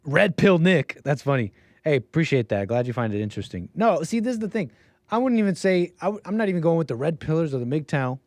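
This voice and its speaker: A man hosting a livestream, reacting to a debate clip in a chatty, animated way. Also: fairly high pitch, fast talker, no echo, clean studio sound. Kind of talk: casual reaction commentary.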